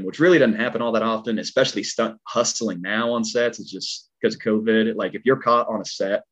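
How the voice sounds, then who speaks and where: A man working as a stunt performer tells a long story in casual chat, animated and rambling, with a twang in his speech. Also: lowish voice, highs cut off. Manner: animated, rambling, heavy filler words.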